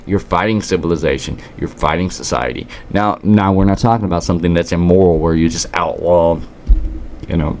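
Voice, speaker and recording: With a low, slightly mellow voice and a bit of hiss or hum in the audio, an American commentary channel host rants about politics. He's sarcastic and combative, sometimes stumbling and restarting mid-sentence.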